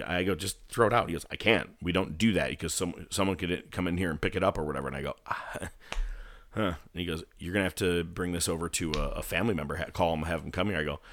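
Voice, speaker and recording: A man casually telling a story, animated, swearing and laughing at his own misfortune. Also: low-pitched, brisk. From California.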